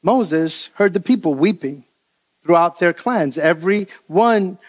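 A man preaching as pastor, animated, acting out the voices of the people he quotes. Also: high voice, measured pace. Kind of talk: sermon.

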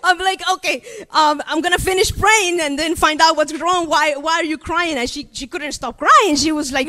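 Speaking at a moderate pace with hardly any pauses, a woman from Latin America uses her high voice to preach a sermon. Her storytelling about her own life is animated, she poses questions to the audience, and the hall adds a long reverb.

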